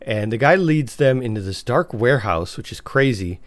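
A man casually recapping a TV episode, talking in a halting, chatty way with restarts. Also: medium pitch, animated, no echo.

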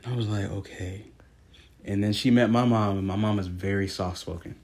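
A man's voice: fairly low pitch, fairly quick. A young man co-hosting a casual chat, telling family stories with lots of acted-out quotes. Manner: animated storyteller, acts out quoted voices. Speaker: podcast co-host.

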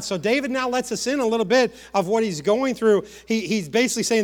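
Impassioned preacher in a reverberant hall. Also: male voice, extremely high pitch, a little fast, few pauses. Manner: impassioned preaching, repeats words, drops to a hush for emphasis. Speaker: pastor. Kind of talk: sermon.

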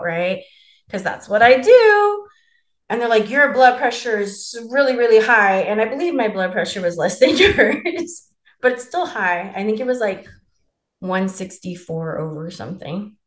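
Recorded in a reverberant space, this podcast co-host speaks at a medium pitch. The young woman shares a personal anecdote with frank language, cursing and laughing as she goes.

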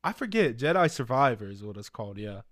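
A man's voice: mid-range voice, big pitch swings, fast, a bit bright, no echo, clean studio sound. Laid-back, swearing male podcast co-host. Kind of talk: casual chat.

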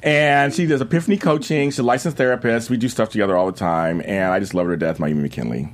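A man in his fifties hosting a talk show, excitable and quick, often laughing. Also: lowish voice. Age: 50s. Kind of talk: upbeat show host intro and guest roll call.

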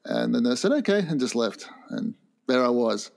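A man with a mid-pitched voice tells a story in casual chat. He keeps his delivery dry and understated. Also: sing-song, moderate pace, creaky.

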